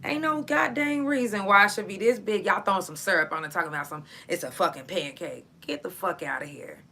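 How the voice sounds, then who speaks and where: A woman's voice: medium pitch, fairly quick, bright, forceful tone. A woman hosting a live chat show, telling stories in a loose, profane way, laughing often and stretching words out for emphasis. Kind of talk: casual storytelling to a live audience.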